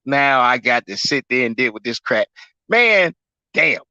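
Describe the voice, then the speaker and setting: A fuming man in his forties rants about his team on a sports livestream, swearing with heavy emphasis. His voice is bright and forceful. The sound is dry and somewhat muffled. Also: mid-range voice, very animated, a little slow, smooth, dry recording. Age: 40s. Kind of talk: ranting sports livestream chat.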